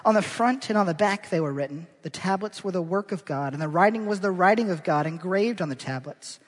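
Husky preacher in an echoing hall. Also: male voice, high-pitched, brisk. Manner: animated, rhetorical, drawing the congregation in. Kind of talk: sermon. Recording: long church-hall reverb.

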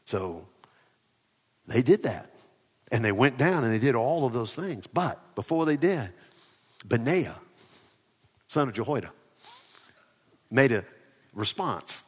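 A male pastor preaching with lively swings from loud, emphatic lines to hushed asides. His voice has a mid-range pitch, and it rings with the long echo of a church hall. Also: slow pace, pauses often, breathy edge. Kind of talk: sermon. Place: church near ball fields and a parking lot.

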